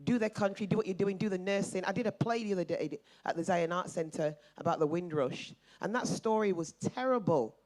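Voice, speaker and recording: A middle-aged woman in the audience giving a forceful, emphatic public comment, repeating her points. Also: on the low side, fairly quick, hardly any pauses. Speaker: audience member.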